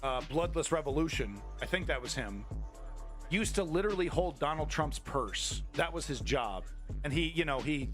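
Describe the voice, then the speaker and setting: Hosting a live news stream, a man rants angrily about politics to his chat, heated, profane, and rambling, with many restarts. His voice is on the high side, expressive, and a bit bright at normal speed, with faint music behind him.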